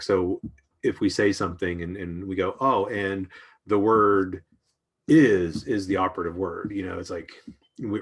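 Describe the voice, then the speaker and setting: A man with a very low, deep voice talks his way through an art journaling demonstration. He speaks casually and reflectively, pausing with ums and restarting his sentences as he works at his desk. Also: fairly bright tone.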